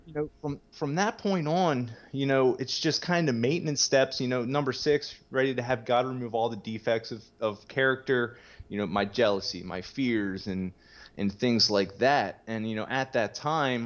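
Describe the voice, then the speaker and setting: A man's voice: mid-range voice, moderate pace. A young man in recovery telling his story in a candid, rambling way, full of "you know" and casual swearing. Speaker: guest in recovery. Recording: muffled lo-fi audio.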